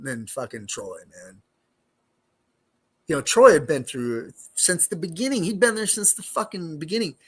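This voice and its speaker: A man's voice: fairly high pitch, lively intonation, normal speed, husky. Profane, rambling streetwise man. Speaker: guest, former prisoner. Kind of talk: casual storytelling interview.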